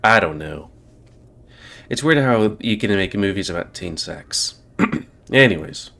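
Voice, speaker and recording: A man's voice: on the low side, expressive, measured pace, vocal fry, a bit bright. A man hosting a let's-play, reading a visual novel aloud with wry, offhand asides. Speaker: gaming channel host. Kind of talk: let's-play narration and commentary.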